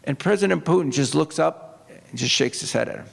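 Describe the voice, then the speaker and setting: Gravelly man telling stories in a hall. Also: fairly high pitch, brisk. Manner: rambling anecdotes with restarts and quoted voices. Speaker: author and retired Navy officer. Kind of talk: storytelling talk to an audience. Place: opera house stage. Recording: long hall reverb.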